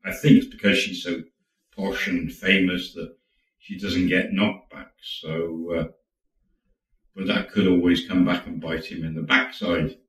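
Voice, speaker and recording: A man's voice: deep voice, steady tone, unhurried, a bit bright, echoey room, recorded from a distance, poor audio. A man casually telling a true story, chatty and acting out quotes as he goes. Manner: chatty, acts out quotes, laughs now and then.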